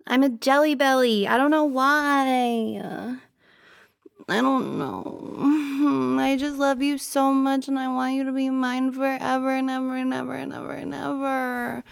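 A woman's voice: high voice, takes it slowly, vocal fry, few pauses, no echo, studio quality, heavily acted. A young woman voicing a jealous, possessive girlfriend in an audio role-play, pouty and teasing, sometimes dropping to a whisper.

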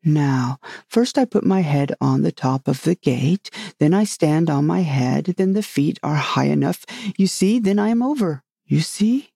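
A reader voicing a solemn, rambling knight who loves his inventions, speaking gravely and earnestly in a storybook reading. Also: mid-range voice, lively intonation, unhurried, mellow, dry recording, studio quality, full character voice.

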